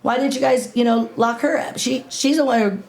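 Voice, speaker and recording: A middle-aged woman sits in as a guest and talks in a loose, streetwise way, swearing freely and acting out what she and others said. Her voice sits a little on the high side. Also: fairly even intonation, fairly quick, creaky, darkish tone. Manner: blunt and profane, with lots of filler and self-quoting. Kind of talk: casual storytelling in an interview.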